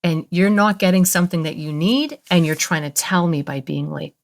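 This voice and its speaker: A woman voicing her former female supervisor, a calm and gentle clinician who speaks softly and in a measured way. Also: on the low side, voice pushed down.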